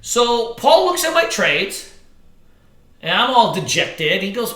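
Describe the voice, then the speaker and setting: An animated man running a live trading seminar, joking and swearing as he tells stories. His voice sits high and swoops widely. It rings bright around a roomy hall. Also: takes it slowly. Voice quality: animated, profane, joking storyteller. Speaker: trading instructor. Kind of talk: live seminar talk to an audience.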